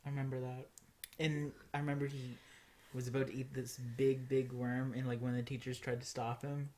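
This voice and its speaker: A man's voice: medium pitch, little pitch movement, fairly quick, mellow. A young man as a podcast guest, easygoing and short in his replies. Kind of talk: casual chat.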